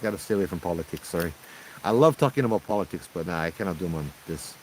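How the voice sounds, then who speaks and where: A man's voice: low voice, expressive, racing, slight background noise, rough recording. A young man with a Hawaiian accent, hosting a casual night-time livestream outdoors and chatting jokingly while reading out viewer comments. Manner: jokey, chatty, reads out chat comments. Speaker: livestream host.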